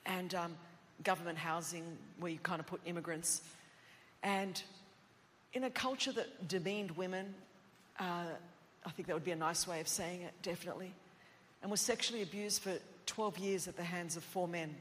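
An Australian woman preacher telling a personal story in a sermon, animated and self-mocking, acting out what people said. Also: on the low side, normal speed, in a large hall, a little hiss or hum.

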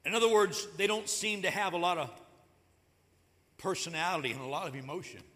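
Animated, high-voiced preacher in a hall. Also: male voice, a little fast. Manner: conversational preacher, animated, acts out stories. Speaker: pastor. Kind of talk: sermon. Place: church sanctuary. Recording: echoey hall.

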